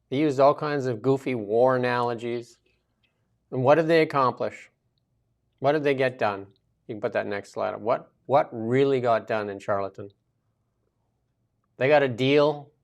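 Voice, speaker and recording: Male talk host, sarcastic, punchy rhetorical questions. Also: mid-range voice. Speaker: show host. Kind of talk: political commentary talk show.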